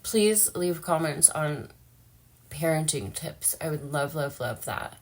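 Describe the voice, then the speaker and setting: A woman's voice: low voice, expressive, slow pace. A young woman talking casually and emotionally in a personal vlog, chatty and full of fillers. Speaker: vlogger.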